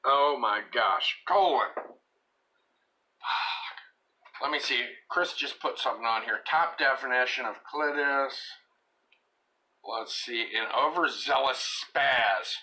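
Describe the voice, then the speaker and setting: A man hosting a casual live-stream chat, joking crudely and laughing loudly. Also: medium pitch, unhurried. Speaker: live show host.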